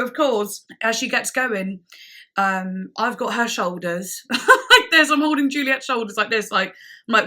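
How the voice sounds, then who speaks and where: Young woman vlogger, bright voice, casual and giggly storyteller. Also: mid-range voice, moderate pace. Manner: chatty, giggly, lots of fillers and quoted dialogue.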